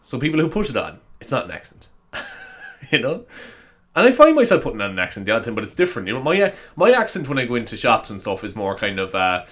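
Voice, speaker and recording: A man's voice: mid-range voice, wildly swooping pitch, quick pace, a bit bright. An Irish man hosting a podcast, rambling and joking in a casual comedic monologue, swearing and laughing as he goes. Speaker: podcast host.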